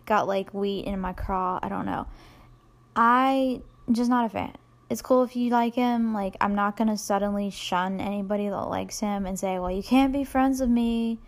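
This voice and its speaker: A woman's voice: medium pitch, moderate pace. A young adult woman hosting a solo podcast, rambling casually and self-deprecatingly with plenty of fillers. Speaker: podcast host.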